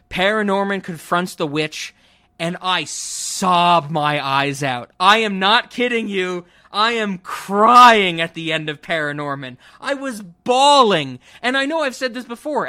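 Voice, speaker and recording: A young man talks films on a podcast in a high, bright, forceful voice. He gushes with open enthusiasm and drops swear words freely. His style is loose and conversational. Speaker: podcast co-host. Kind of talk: casual film discussion.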